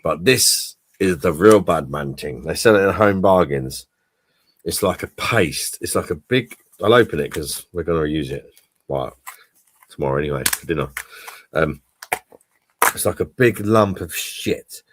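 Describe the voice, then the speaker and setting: A man's voice: low-pitched, expressive, a little slow. A man hosting a casual online pub chat, rambling and swearing cheerfully about food. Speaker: livestream pub chat host. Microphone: streaming call mic.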